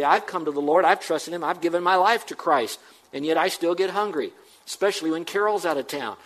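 A middle-aged male pastor preaches in an easy, conversational tone, leaning into emphatic peaks. His voice sits slightly higher than most men's, and he slows right down when he quotes scripture. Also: rough recording. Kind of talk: sermon.

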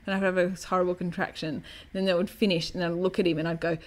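A woman's voice: on the low side, fast talker. A woman telling a birth story in casual chat, swearing freely and acting out what other people said. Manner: swearing, animated, acts out other people's lines.

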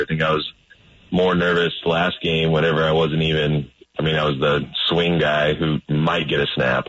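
Man, very deep voice, flat delivery, halting modest guest, dry lo-fi radio. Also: no echo. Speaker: football player guest. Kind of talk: casual interview talk. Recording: dull lo-fi radio sound.

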